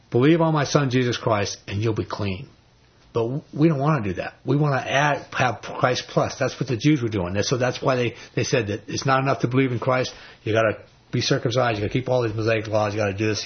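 A man teaching an informal Bible study, retelling stories in a folksy way with many fillers and lively quoted voices. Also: mid-range voice, a little fast, lo-fi sound.

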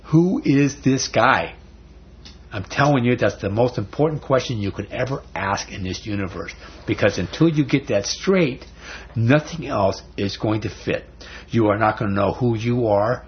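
A man teaching a Bible study in a conversational, folksy way, often restarting words. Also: mid-range voice. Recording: dull lo-fi recording.

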